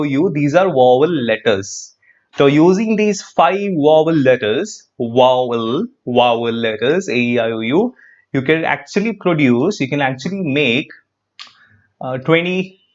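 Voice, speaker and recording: A man's voice: on the high side, dull audio. A man teaching an English grammar class live online, repeating key phrases and asking students questions. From India.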